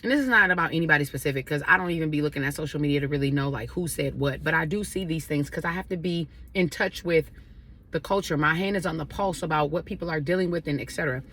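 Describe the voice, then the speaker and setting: Casting note: woman, bright and lively, talks straight to camera over a meal, friendly advice-giver. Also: low-pitched, fast. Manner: chatty, addresses viewers directly, eating while talking. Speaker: vlogger sharing advice. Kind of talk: casual chat over a meal.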